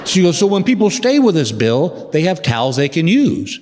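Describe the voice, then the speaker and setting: A man's voice: sing-song, moderate pace. Drawling man doing stand-up on stage. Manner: drawling storyteller, mimics his wife in a higher voice. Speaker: stand-up comedian. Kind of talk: stand-up routine. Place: large theater stage. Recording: long hall reverb with loud crowd. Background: audience laughter.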